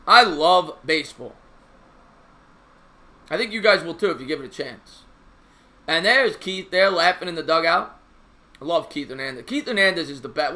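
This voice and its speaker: A man calls a baseball game live and trades chatter with his viewers between pitches. His voice is high and very bright, and he talks in a slangy, excitable, casual way. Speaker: live stream play-by-play host. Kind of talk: casual live play-by-play with chat replies.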